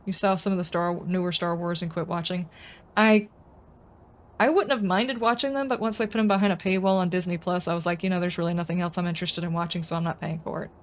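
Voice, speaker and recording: A woman's voice: fairly low pitch, steady tone, quick pace. A woman streaming a game, chatting casually and rambling as she answers her viewers' comments. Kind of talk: casual live-stream chat.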